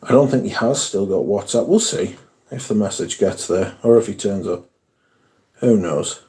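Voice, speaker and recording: A man rambles through a casual live stream, reading comments and swearing as he goes. His voice is warm and mellow, never bright. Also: fairly low pitch, expressive, normal speed. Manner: chatty, swears casually, reads viewer comments aloud.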